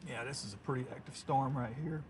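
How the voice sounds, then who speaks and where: A man's voice: mid-range voice, moderate pace, noisy background. A man chatting casually on a storm-chasing livestream from inside his car, rambling through stories and chuckling often. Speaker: storm chaser streaming live. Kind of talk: casual live-stream chat.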